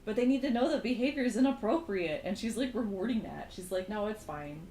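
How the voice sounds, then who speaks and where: Animated young woman vlogger, roomy sound. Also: quick pace, a little hiss or hum. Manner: animated, exasperated storytelling with sudden jumps in pitch. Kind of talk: casual chat while drawing.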